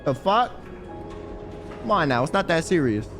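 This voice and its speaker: A man's voice: a little high, sing-song, moderate pace. Combative, profane young American man streamer. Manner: profane, argumentative, answering chat. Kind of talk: casual stream chat. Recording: music playing behind.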